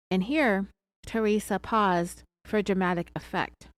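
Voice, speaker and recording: A woman podcast host tells a true crime story and keeps cutting in with sarcastic remarks. Her voice sits at a medium pitch. The recording is dry, with no room echo. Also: moderate pace. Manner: sarcastic asides.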